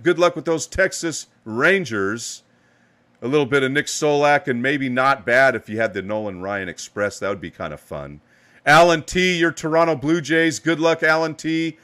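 A middle-aged man runs a live card-opening stream, calling out to chat viewers in an upbeat, hyped way. He sounds a little tired under the energy, and his voice sits at an everyday middle pitch. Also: fairly bright tone. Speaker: live card-break host.

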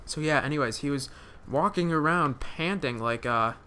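A man's voice: on the high side, moderate pace, pushed and bright, slight background noise. A young man giving live gameplay commentary, rambling with many fillers and restarts, swearing when startled. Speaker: gaming commentator.

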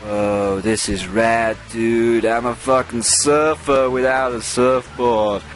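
A spaced-out stoner surfer guy, as a man puts him on, drawling slow and slangy, lower and softer than a normal voice. He sounds dazed and laid-back, with faint music in the background. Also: fairly even intonation, lightly acted.

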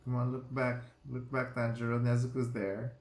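A man giving live reaction commentary on an anime, excitable and swearing freely as he exclaims at the screen. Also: medium pitch, moderate pace. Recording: echoey room with faint music.

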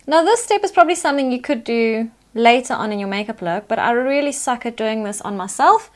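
Female beauty vlogger, bright high voice, chatty and instructive. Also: lively intonation, a little fast. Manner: chatty, instructive, talks through each step. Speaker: makeup tutorial host. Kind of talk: step-by-step makeup tutorial narration.

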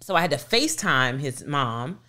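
A woman's voice: deep voice, very animated, moderate pace, pushed and bright. A middle-aged woman co-hosting a podcast, animatedly retelling a story and acting out the voices of people in it. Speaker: podcast co-host. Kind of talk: casual storytelling chat.

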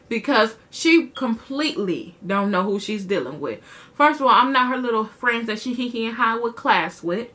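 Bright, animated young woman telling a story. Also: a little high, normal speed. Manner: animated, slangy, acts out the dialogue. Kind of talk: casual storytime chat.

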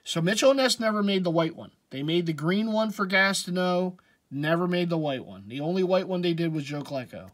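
A man's voice: sits high, lively intonation, a little fast. A man casually commenting on sports jerseys in a chatty, rambling way, with jokey asides. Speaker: sports jersey collector vlogger.

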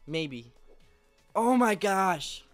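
A young man reacting live on a stream, excitable and rambling, out of breath with enthusiasm and breaking into loud bursts. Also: high-pitched, drawn-out words, no room sound, faint music behind.

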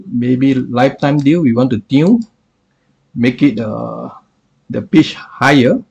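A man reviewing software in a screen-recorded tutorial, explaining with many hesitations and filler phrases. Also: mid-range voice, expressive, takes it slowly, vocal fry, slightly rough, dull audio.

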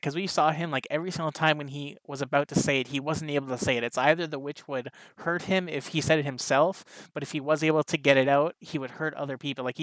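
A man's voice: fairly high pitch, fairly bright tone, dry recording. A man reviewing an anime episode in casual, rambling talk, full of "like" and restarts. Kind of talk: casual reaction commentary.

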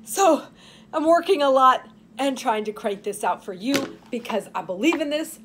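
A woman's voice: high voice, animated, normal speed, husky. A woman in her fifties, a nurse and author, reading her novel aloud dramatically and chatting between chapters. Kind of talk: audiobook narration and podcast chat.

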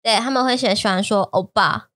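A woman's voice: medium pitch, fairly bright tone. A woman co-hosting a podcast, a native Mandarin speaker chatting casually with short eager replies. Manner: short eager replies, lots of quick agreement. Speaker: podcast co-host. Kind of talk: casual bilingual chat.

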